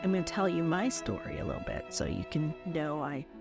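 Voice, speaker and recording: A woman's voice: sits low, sing-song, brisk, vocal fry, over music. Chatty earnest woman podcast host. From California. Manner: earnest, chatty, many "like" fillers. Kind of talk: casual chat with guests.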